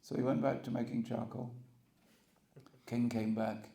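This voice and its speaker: A mid-range male voice at a measured pace, with a roomy sound, carries a storytelling sermon. He performs the characters animatedly for an audience gathered in a temple hall.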